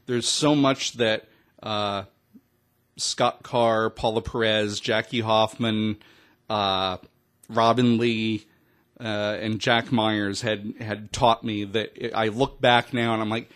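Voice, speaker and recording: A man's voice: on the low side, level tone, takes it slowly, fairly bright tone. A man in his forties, a radio DJ and station owner, telling stories in a candid, self-deprecating way with many restarts in a studio interview. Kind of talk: casual interview chat.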